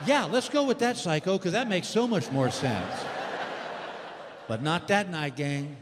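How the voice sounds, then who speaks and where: A man, performing stand-up comedy as an animated storyteller who acts out the voices he quotes. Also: sits high, a little slow, noisy background. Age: 60s. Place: large indoor theater stage. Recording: live theater reverb with faint ambience.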